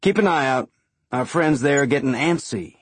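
A man's voice: mid-range voice, lively intonation, normal speed, husky, no room sound, voice pushed up. Man doing a laid-back joking pilot. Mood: easygoing.

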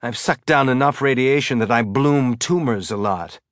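A man voicing a weary, sick male captain in an audiobook, mumbling and halting as if drunk. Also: mid-range voice, no echo, studio quality, close to an everyday voice.

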